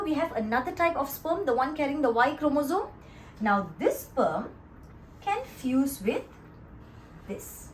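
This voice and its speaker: A woman teacher explains a lesson in a slow, deliberate way, leaning hard on key words and often stopping to check that her students follow. Her fairly high voice swoops up and down with lots of movement. Faint ambient noise sits underneath. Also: low-quality recording. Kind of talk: classroom lesson.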